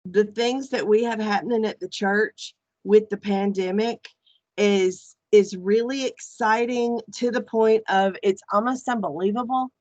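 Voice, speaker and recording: Outspoken priestess woman, middle pitch, dry close sound, animated and frank. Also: measured pace, no room sound, muffled recording. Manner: animated, frank, swears casually. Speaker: podcast guest, archpriestess. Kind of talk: casual chat.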